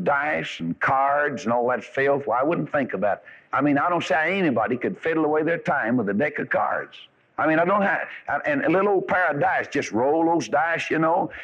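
A man's voice: mid-range voice, husky. A man preaching a sermon, telling folksy stories with rising and falling emphasis. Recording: dull lo-fi radio broadcast.

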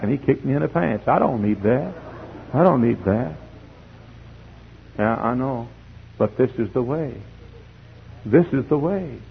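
A man preaching a fiery sermon in church, swinging from hushed pleading to shouting. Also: medium pitch, expressive, normal speed, gravelly, breathy edge. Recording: dull lo-fi tape recording.

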